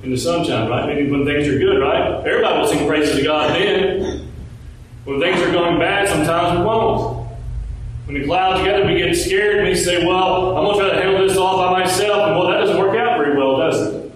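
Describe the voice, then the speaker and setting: A man preaching a sermon. He asks the congregation rhetorical questions and slows down when he quotes scripture. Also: sits high, slight background noise. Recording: very echoey room, voice from a distance.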